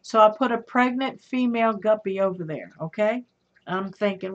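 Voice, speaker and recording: A middle-aged woman with a medium-pitched voice speaks at a normal speed as she hosts a livestream. She chats with viewers, reads their comments aloud and calls them sweetheart and honey, with dull lo-fi stream sound.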